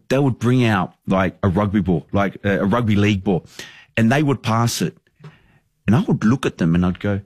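A man's voice: mid-range voice, breathy edge, no echo, studio quality. An Australian man around thirty, a football manager, talking earnestly and at length in a casual interview. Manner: earnest, rambling storyteller.

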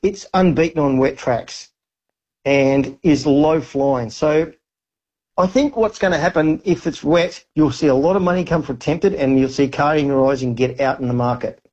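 A man's voice: fairly high pitch, normal speed, darkish tone, slightly rough, muffled recording. An Australian man giving racing tips on a radio show, talking enthusiastically with lots of fillers. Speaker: racing tipster on the phone. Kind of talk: casual radio chat.

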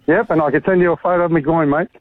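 A man's voice: fairly high pitch, steady tone, very fast, crowd noise. An Australian man calling in to a radio show, telling his story in a laconic, matter-of-fact way. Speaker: caller. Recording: tinny phone line.

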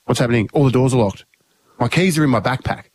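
An Australian man on a radio show, spinning a long anecdote with eager restarts. His voice sits at an ordinary middle pitch. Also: quick pace, no echo. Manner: animated storyteller, rambling with restarts. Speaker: radio co-host. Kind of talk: casual radio chat.

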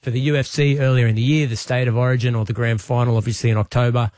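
An Australian man, a politician guest on a radio show, talking about policy briskly with some restarts. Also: medium pitch, flat delivery, a little mellow, no echo, clean studio sound. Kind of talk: casual radio interview.

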